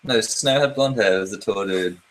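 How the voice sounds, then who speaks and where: Low-voiced, easygoing co-host man. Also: a little fast. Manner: easygoing, asks questions, chuckles. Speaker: podcast co-host. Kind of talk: casual chat.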